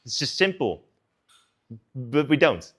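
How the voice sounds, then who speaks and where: A young man preaching at a student service, telling the story in a casual, animated, conversational way. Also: medium pitch, slow pace, husky. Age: young adult.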